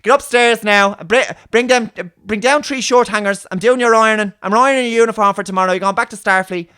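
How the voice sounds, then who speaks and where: A bossy Dublin housekeeper woman scolds in a high, shrill voice and fires off orders about chores and mess, as a man puts her on. Her talk is nagging and rapid-fire, a mock-domestic caricature. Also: bright, forceful tone, smooth. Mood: bossy scolding.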